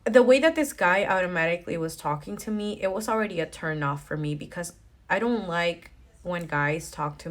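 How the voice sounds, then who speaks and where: Chatting to the camera, a young female storytime vlogger fills her talk with likes, y'alls and nervous laughter. Her voice is low-pitched with a fairly bright tone.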